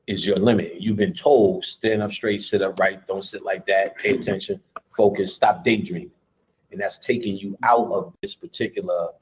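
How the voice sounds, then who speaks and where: Low-voiced guy rambling through a live lecture, swears a lot, laughs a bunch. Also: poor audio. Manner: profane, rambling, laughs often.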